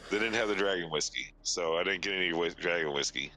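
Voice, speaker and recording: A man's voice: low voice, fast, sharp tone, a little hiss or hum. A man chatting casually on a stream in a laid-back, drawling way with plenty of cursing. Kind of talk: casual chat.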